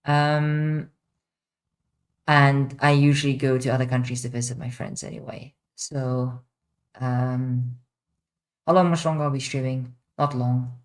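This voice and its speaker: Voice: mid-range voice, steady tone, normal speed. A streamer in a casual livestream Q&A, chatting off the cuff while answering viewers' questions from a home setup.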